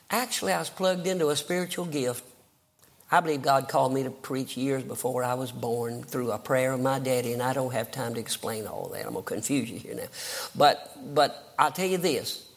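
This older Southern evangelist, with a creaky, mid-range voice, delivers an impassioned sermon. He tells the story of his own conversion and works himself up to forceful bursts.

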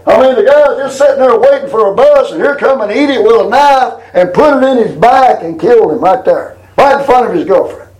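A preacher man, older, with a voice pitched unusually high. He preaches in a folksy, colloquial way and stretches scripture out slow and emphatic. It's a down-home sermon delivered from the pulpit. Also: animated, darkish tone, roomy sound, rough recording.

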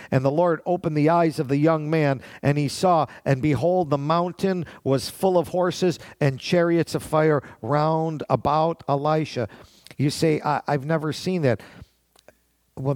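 A man's voice: a little high, a little mellow, no echo. A man preaching a sermon, reading scripture aloud and acting out the voices he quotes. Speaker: pastor.

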